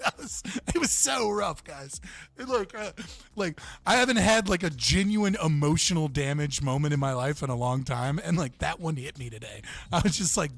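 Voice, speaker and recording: A man's voice: a little high, expressive, normal speed, fairly bright tone, no echo. A young man telling a story casually on a livestream, rambling with many restarts and laughing at himself. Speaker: livestream host.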